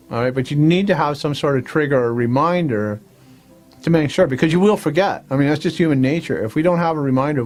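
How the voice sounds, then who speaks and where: A man's voice: fairly high pitch, a little mellow. Coaxing man giving a self-help talk. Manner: coaxing, repetitive, checks in with "all right?". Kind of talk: motivational talk to camera.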